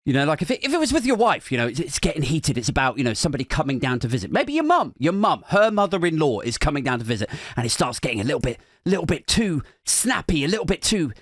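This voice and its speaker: A man's voice: a little high, sing-song, fast, few pauses, no room sound, studio quality. A young man hosting a podcast, telling a comic, self-mocking story in a rambling way, with lots of "like". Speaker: podcast host. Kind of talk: comic monologue.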